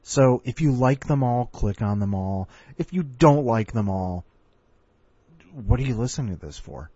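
A man's voice: mid-range voice, lively intonation, moderate pace, dark tone, husky, dry recording. A man hosting a story podcast in a rambling, joking, self-mocking way, with a dull lo-fi recording. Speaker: podcast host. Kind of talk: casual rambling chat.

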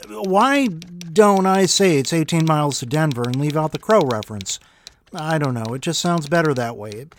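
A man's voice: a little high, a little hiss or hum. Wry man reading a short story. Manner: wry, musing, self-deprecating asides. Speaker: podcast host reading short stories. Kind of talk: casual storytelling podcast.

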